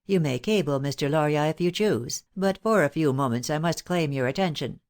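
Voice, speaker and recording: A woman reading an audiobook, voicing a calm male detective who speaks in a grave, measured way. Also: low voice.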